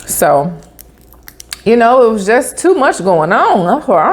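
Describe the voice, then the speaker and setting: Lively, chatty woman. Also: a little high, slow pace, long pauses. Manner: chatty, animated storytelling with asides like "honey" and "baby". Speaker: vlogger. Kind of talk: casual storytelling while eating.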